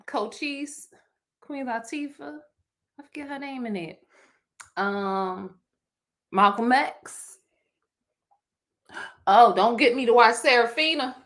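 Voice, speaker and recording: A woman co-hosting a live podcast chat show speaks slowly in a slightly high voice, pausing often. Her Philadelphia accent comes through as she talks with animated emotion and breaks into song at times.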